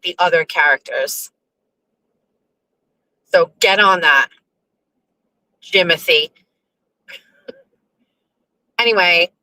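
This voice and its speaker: A middle-aged woman hosting a casual live stream, rambling, profane and animated, talking from her car in a driveway. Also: mid-range voice, no room sound, poor audio.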